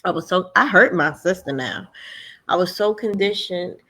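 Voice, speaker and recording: A middle-aged woman in casual conversation, telling family stories in an animated way and acting out the voices of others. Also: fairly low pitch, normal speed. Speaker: podcast host.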